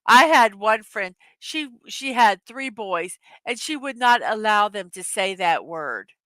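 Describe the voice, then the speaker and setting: A middle-aged woman chats her way through a morning show, laughing often at her own jokes. She talks slowly, in a bright, clear voice. The sound is dry and close. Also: mid-range voice, lively intonation, dry recording. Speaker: host of a daily morning show. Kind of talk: casual chat reading memes to a live audience.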